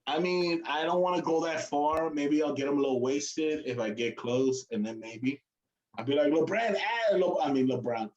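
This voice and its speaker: A co-host of a casual sports chat speaks in a slightly high, slightly mellow voice at normal speed, over a streamed call mic with the highs cut off. He rambles and hesitates, often fumbling for names.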